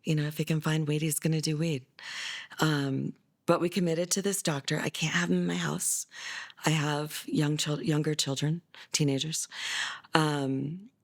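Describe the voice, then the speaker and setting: A woman's voice: flat delivery, moderate pace. A middle-aged mother tells her son's story in a documentary interview, in a conversational way with fillers and restarts, livening up when she voices what others said. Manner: voices others' words with livelier, higher delivery.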